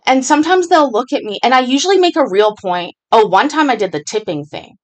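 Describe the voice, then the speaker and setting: A woman's voice: on the high side, lively intonation, fairly quick. A woman hosting a casual chat, telling rambling stories with lots of swearing. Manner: rambling, profane storytelling. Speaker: stream host reacting to clips.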